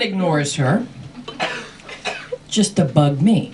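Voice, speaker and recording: Woman telling a story live, slow. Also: sits low. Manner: expressive, laughing storyteller. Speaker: storyteller and host. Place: cafe performance space. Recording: distant mic with faint room noise.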